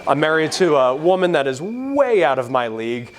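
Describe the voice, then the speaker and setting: A man's voice: on the high side, big pitch swings, normal speed, slight background noise. A man in his thirties giving a convention keynote, provocative and joking, with a preacher-like delivery. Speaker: keynote speaker. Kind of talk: convention speech. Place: convention stage.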